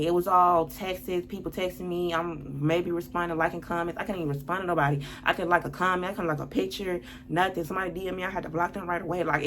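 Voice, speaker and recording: A woman's voice: fairly low pitch, a bit bright, a little hiss or hum. A woman telling a storytime vlog, reading text messages aloud, blunt and exasperated, swearing often. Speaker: lifestyle vlogger.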